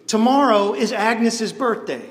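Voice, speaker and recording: A man playing a gruff, blunt middle-aged man who runs a diner. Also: high voice, expressive, a little slow. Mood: upbeat. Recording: echoey hall.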